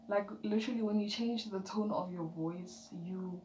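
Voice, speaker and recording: A woman giving an emphatic, chatty motivational vlog talk, dropping now and then into soft whispered asides. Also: medium pitch, steady tone, moderate pace. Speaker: vlogger. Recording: echoey room with background noise.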